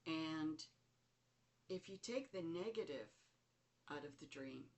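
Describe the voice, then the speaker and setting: A middle-aged woman hosting a show, slowly and reflectively telling a personal story. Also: sits low. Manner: slow, reflective, animated when recounting. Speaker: host. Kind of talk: casual spoken storytelling.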